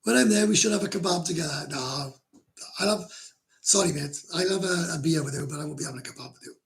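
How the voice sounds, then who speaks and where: This livestream host is a middle-aged Welsh man who talks fast in a gravelly voice of fairly high pitch. Reading out comments in casual chat, he rambles bluntly at his viewers, cursing without restraint and often breaking into laughter.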